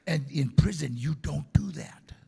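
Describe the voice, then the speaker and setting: Older man, gravelly and husky, animated storyteller, booming hall echo. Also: a little slow, faint music behind. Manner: animated storyteller acting out quotes. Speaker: interview guest. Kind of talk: casual storytelling.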